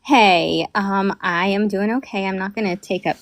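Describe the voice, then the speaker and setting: Upset woman caller, urgent and halting. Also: mid-range voice, fairly even intonation, no room sound. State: upset, near tears. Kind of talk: phone-in call. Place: North Carolina.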